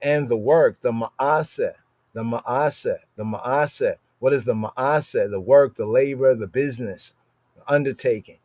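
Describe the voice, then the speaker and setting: A man's voice: mid-range voice, a little slow, darkish tone, no echo. A man giving a conversational Bible teaching. He keeps checking in with "right?" and repeats and defines Hebrew words. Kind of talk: Torah study talk.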